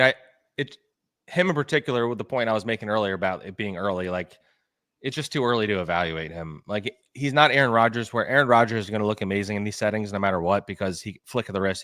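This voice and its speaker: A man's voice: on the low side, a bit bright, no echo, studio quality. A man co-hosting a sports podcast, a reporter talking casually and rambling with lots of "like" and restarts. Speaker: beat reporter and podcast co-host.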